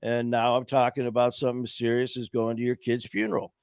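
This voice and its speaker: A man's voice: mid-range voice, monotone, a little fast, darkish tone, clean tone, no echo. A man hosting a casual talk show, telling stories in an impassioned, rambling way full of "you know" fillers. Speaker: host of a recovery talk stream.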